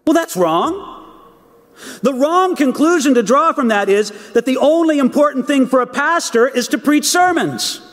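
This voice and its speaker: A man's voice: very high-pitched, expressive, moderate pace, a bit bright, in a large hall. A man preaching a sermon, emphatic, asking rhetorical questions and repeating words as he builds his points.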